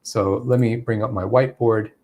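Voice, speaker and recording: A man's voice: fairly low pitch, fairly even intonation, normal speed, darkish tone. A man giving a live-streamed English lesson, explaining step by step and acting out spoken examples. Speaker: English teacher.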